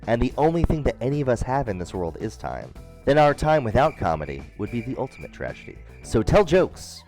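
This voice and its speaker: A man delivering a scripted comedy monologue, deadpan jokes between quick silly voices. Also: mid-range voice. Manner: deadpan jokey delivery with sudden character voices. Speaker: comedy host.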